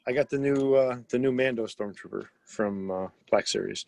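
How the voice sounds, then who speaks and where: A man's voice: medium pitch, normal speed, vocal fry, darkish tone, dry recording. A man in casual podcast chat, talking eagerly and rambling about his toy collection. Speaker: podcast co-host.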